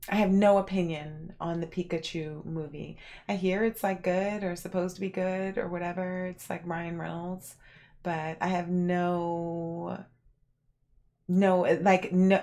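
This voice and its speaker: Chatty woman streamer rambling with viewers. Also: lowish voice. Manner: rambling, filler-heavy, animated. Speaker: livestream host. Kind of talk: casual chat answering viewers.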